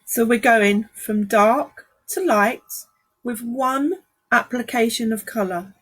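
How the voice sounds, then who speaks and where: This art teacher's voice sits fairly high and comes out slow, a bit bright and slightly rough. She has a London accent and is painting in watercolour in her studio for a live stream, greeting and talking with viewers along the way.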